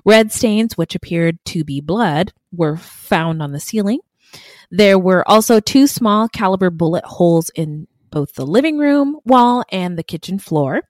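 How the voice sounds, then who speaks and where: A woman's voice: on the low side, expressive, a little slow, a little mellow, no room sound. A woman co-hosting a true crime podcast, chatting casually with blunt asides and frequent laughter. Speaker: podcast co-host.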